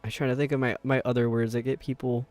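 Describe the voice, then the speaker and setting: A man's voice: medium pitch, little pitch movement, fast, a little mellow, faint music behind. A young man with a New York accent, chatting casually on a live stream in a rambling way, with lots of filler words. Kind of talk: casual chat while gaming.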